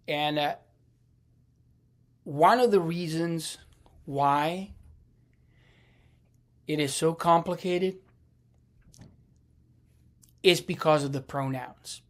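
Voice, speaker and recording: A man giving a video lecture on Italian grammar, speaking deliberately with many pauses, fillers and restarts. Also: on the high side. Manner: deliberate, halting with frequent fillers and repeats.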